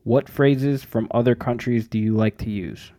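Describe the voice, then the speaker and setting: A man's voice: medium pitch, steady tone, moderate pace, dark tone, dry recording, clean studio sound. Playful man co-hosting a podcast. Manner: playful, easily amused. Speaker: podcast co-host. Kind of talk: casual chat. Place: home room.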